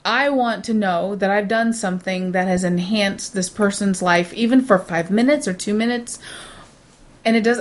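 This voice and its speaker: A young woman co-hosting a podcast, ranting bluntly in casual chat and laughing often. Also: mid-range voice. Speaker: podcast co-host.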